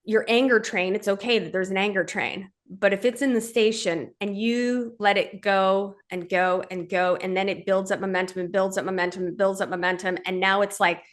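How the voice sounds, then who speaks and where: A woman's voice: mid-range voice, fairly even intonation, moderate pace, few pauses. A woman hosting a podcast, explaining her ideas in an earnest, direct way and often checking in with the listener. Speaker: podcast host and men's coach. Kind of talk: conversational podcast teaching.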